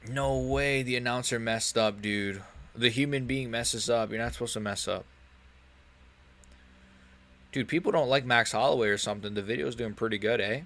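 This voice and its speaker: A man hosting a casual live stream of fight reactions. He rambles and jokes in loose slang, at a medium pitch that sits right in the middle of a man's range. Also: moderate pace, pauses often, fairly bright tone.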